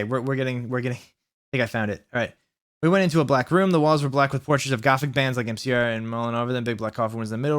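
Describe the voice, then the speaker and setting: A man with a smooth, clear voice and an ordinary mid pitch reads fan fiction aloud, hamming up the dialogue. Now and then he stops to mock the writing or talk to himself. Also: fairly bright tone. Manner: reads melodramatically, breaks off to mock and comment. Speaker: channel host reading fan fiction aloud. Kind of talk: comedic dramatic reading with asides.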